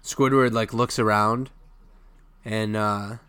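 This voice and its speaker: A man's voice: fairly low pitch, steady tone, slow, a bit bright, smooth, dry recording. A man in a casual podcast chat, rambling as he recaps a cartoon and acts out its lines. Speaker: podcast co-host.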